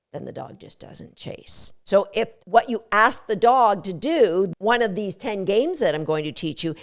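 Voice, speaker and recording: A woman hosting a dog-training podcast, teaching alone and acting out owners and dogs in bursts of high, excited voices.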